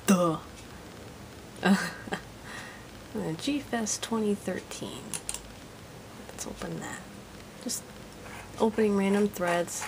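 A woman's voice: medium pitch, slow pace, creaky, long pauses, background noise. A woman casually reviewing a product at her home desk, chatty, giggly and self-deprecating.

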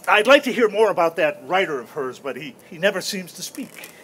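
Man acting old retired uncle, rambling, hesitant, nostalgic, high lively voice, faint outdoor ambience. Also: a little fast, slight background noise. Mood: wistful. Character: aging uncle, a retired official, wistful and self-mocking. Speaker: stage actor. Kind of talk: outdoor stage play performance. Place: outdoor stage at an arboretum.

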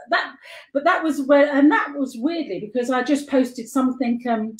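High-voiced chatty London woman in echoey room. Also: moderate pace. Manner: chatty, giggly storyteller who jumps between tangents. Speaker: guest and life model. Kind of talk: rambling anecdotal chat. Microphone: video call. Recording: echoey room on a live stream.

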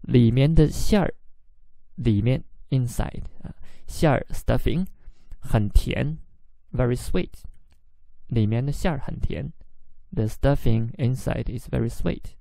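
A male language teacher speaks slowly and patiently, breaking each phrase down word by word. His voice is gravelly and dark, recorded close and dry with no room sound. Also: mid-range voice, no room sound. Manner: explains words slowly, mixing in example phrases. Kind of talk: podcast language lesson; reading a diary aloud.

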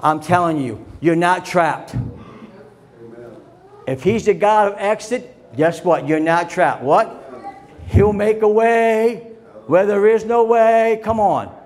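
A pastor preaching an impassioned sermon, dropping to low murmurs and then rising to shouts, leading the congregation in call and response. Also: male voice, animated, takes it slowly, pauses often.

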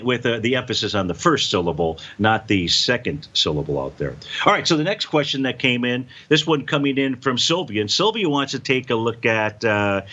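On a lo-fi recording, a market show host with a sharp-toned, mid-range voice runs a live financial talk show. Folksy and emphatic, he answers viewer questions, repeats his points and phrases, and says "out there" a lot.

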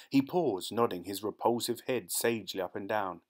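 Male audiobook narrator, low voice, measured storytelling delivery.

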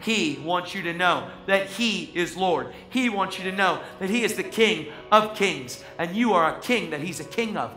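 A man's voice: high voice, animated, normal speed, few pauses, bright, forceful tone. A man preaching a sermon with passionate, emphatic delivery, often calling the listener "man". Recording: echoey hall, faint music.

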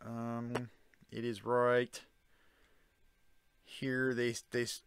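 A man's voice: mid-range voice, monotone, very slow, fairly bright tone, clear, resonant tone, no room sound. A man giving a casual spoken explanation, often checking in with the listener by asking "Okay?" and "Right?". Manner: conversational, with fillers and restarts. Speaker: self-taught commentator on ancient texts.

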